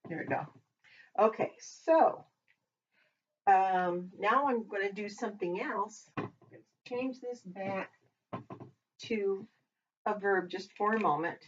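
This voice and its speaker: Slow, patient woman teaching. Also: medium pitch, slight background noise. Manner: talks while writing, with pauses and self-corrections. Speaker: Hebrew teacher. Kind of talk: slow, patient lesson at a whiteboard. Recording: dull lo-fi recording.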